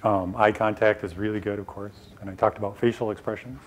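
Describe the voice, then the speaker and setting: A man's voice: on the low side, fairly even intonation, fairly quick, slight background noise. Emphatic middle-aged man lecturing. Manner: direct, emphatic, conversational with asides. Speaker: presenter giving a workshop on scientific talks. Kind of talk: live lecture to a small audience. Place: small lecture room.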